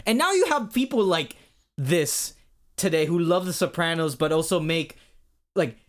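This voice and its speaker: A young man co-hosts a podcast, talking in a quick, excited ramble. He swears freely and trips over his words. His voice sits a little higher than most men's. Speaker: podcast co-host. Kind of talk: casual chat.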